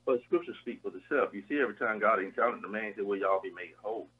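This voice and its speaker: A man with a husky, breathy voice prays and preaches with fervor, building his points through repetition and frequent calls of "see" and "hallelujah." He comes through a thin, phone-like line. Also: on the low side, racing. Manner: emphatic, rhythmic, repeats phrases with "see" and "hallelujah". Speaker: preacher on a radio show. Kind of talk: fervent prayer and preaching.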